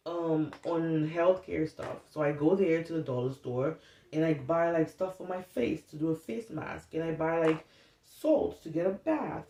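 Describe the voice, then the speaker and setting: With a deep, warm voice, this woman gives a candid, unscripted self-help vlog monologue, rambling casually and swearing freely. A distant mic makes it sound roomy, and there's faint noise.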